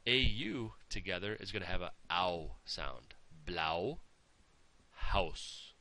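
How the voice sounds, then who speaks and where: Speaking a little slowly with a low voice, lively intonation and a sharp tone, a man teaches pronunciation. As a language teacher, he patiently overemphasizes the sounds he demonstrates and checks in with "okay?" throughout.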